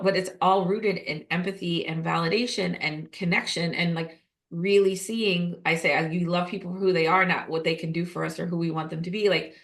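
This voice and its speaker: Low-pitched rambling woman podcast host. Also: a bit bright. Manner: rambling, storytelling with many restarts and fillers. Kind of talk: casual interview chat.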